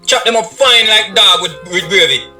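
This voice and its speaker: A man with a Jamaican Patois accent doing a loud, rapid comedy skit. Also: sits high, soft background music. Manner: loud, rapid, shouting playfully.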